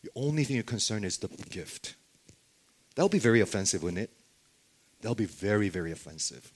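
A man's voice: lowish voice, sing-song, fairly quick. A man preaching a Bible sermon who keeps asking his listeners rhetorical questions and checking in with "okay?".

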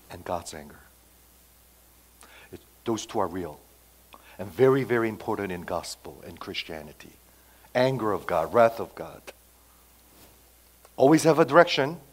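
A male preacher delivering a sermon with lively, dramatic delivery. He jumps from loud emphatic phrases to quiet, low asides. He keeps checking in with rhetorical questions. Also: poor audio. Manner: animated, sudden swings between loud and soft, rhetorical questions. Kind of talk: expository sermon.

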